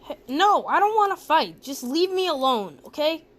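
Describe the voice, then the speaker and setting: A woman's voice: high-pitched, big pitch swings, moderate pace, a bit bright, voice pushed up. A woman voicing a bullied teenage boy who pleads to be left alone. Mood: pleading. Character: timid bullied teen boy hero, quietly defensive.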